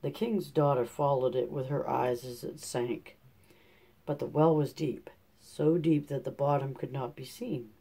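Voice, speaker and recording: A man reading a fairy tale aloud at a steady, measured pace. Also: mid-range voice, husky. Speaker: storyteller.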